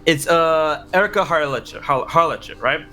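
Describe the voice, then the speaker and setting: A man in a casual interview, telling stories in an animated way, with many restarts and excited quoted voices. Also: a little high, measured pace, faint music behind. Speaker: interview guest, content creator.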